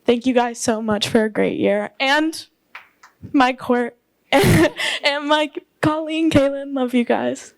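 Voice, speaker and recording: A woman's voice: sits high, slow, slight background noise. A young woman giving a sentimental, giggly thank-you speech at a ball. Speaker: pageant title holder giving an acceptance speech. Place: ballroom event.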